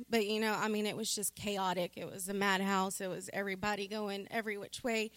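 A woman's voice: medium pitch, fairly even intonation, brisk, few pauses, a bit bright, no room sound. A woman giving a heartfelt, emotional church testimony. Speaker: church member sharing a testimony.

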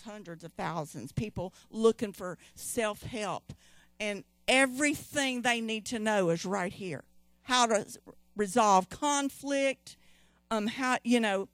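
A woman's voice: a little high, a bit bright, no room sound. A woman preaching a sermon, emphatic and repeating key phrases, calling on the congregation to respond.

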